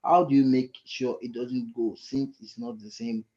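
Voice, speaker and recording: A man mentoring frontend coders in a live screen-share lesson, thinking aloud and often pausing to search for the right word. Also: medium pitch, fairly even intonation, mellow, muffled recording.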